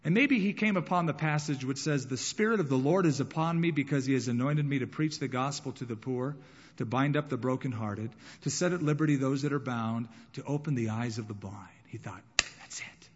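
A man preaching a sermon to his congregation, dramatic and expressive, often acting out the voices of the people in the story. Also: mid-range voice, a little fast, in a large hall, muffled recording. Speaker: pastor.

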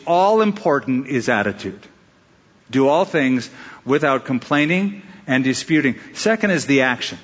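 Pastor guy preaching, slightly high voice, kind of dull sound with a long hall echo. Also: fairly bright tone, breathy edge. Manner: conversational preaching with rhetorical questions and acted-out asides. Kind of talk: sermon.

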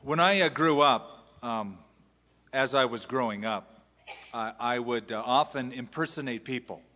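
A man's voice: medium pitch, unhurried, pushed and bright, big-room sound. A man from the US West Coast with an American accent, preaching a sermon in a conversational, self-deprecating way. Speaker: pastor. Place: large church hall.

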